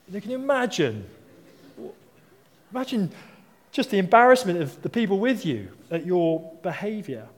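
A man's voice: sits high, big pitch swings, moderate pace, pauses often. Man, preacher, conversational sermon, rhetorical questions, long hall echo.

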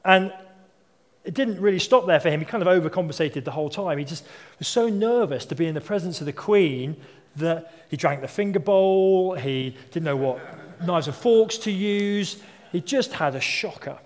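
A man's voice: high-pitched, expressive, moderate pace. A man in his thirties or forties preaching a sermon, telling stories in a conversational way and asking rhetorical questions. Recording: long hall reverb.

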